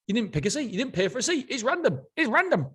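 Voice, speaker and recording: A man's voice: very animated, fast talker, bright, forceful tone, slightly rough, heavily acted. A man putting on a mock Irish accent to play a blunt, dismissive middle-aged airline boss. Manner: dismissive, mocking, pitched way up.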